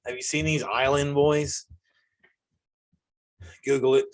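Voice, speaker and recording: Man, 40s, comedy host, ranting monologue with high outbursts. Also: slow pace. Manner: ranting, animated, jumps to high-pitched outbursts.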